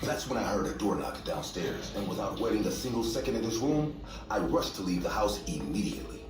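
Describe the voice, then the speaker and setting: A man narrating a scripted horror story in a steady, measured way. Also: fairly low pitch. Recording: echoey distant room, faint music.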